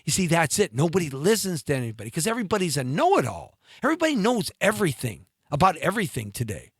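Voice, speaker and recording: Animated ranting talk-show host man. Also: quick pace, husky, dry recording, clean studio sound. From mixed Latin and Scottish-Irish heritage. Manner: animated, ranting, mocking with sudden pitch jumps. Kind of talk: comedic monologue rant.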